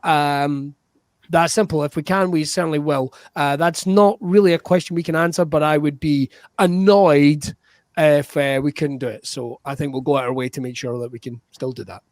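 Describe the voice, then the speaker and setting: A man hosting an improv comedy show over a video call, energetic and laughing through quick banter. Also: a little high, no room sound, studio quality. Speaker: host.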